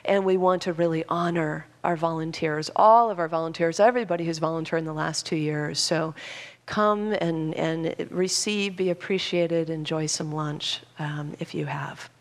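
A woman's voice: deep voice, steady tone, moderate pace. A woman minister delivering an earnest sermon that builds to fervent exhortation, telling stories along the way.

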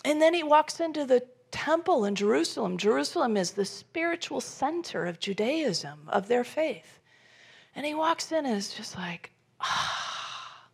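Gravelly-voiced woman preaching a sermon. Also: high voice, normal speed. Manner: animated storytelling, acting out Jesus' lines; swings from loud emphasis to soft near-whispers. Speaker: pastor.

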